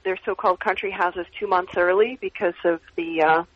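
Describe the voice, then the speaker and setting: A woman guest chatting in a relaxed, chatty way. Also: on the low side, fairly quick, slightly rough, lo-fi sound. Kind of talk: casual chat.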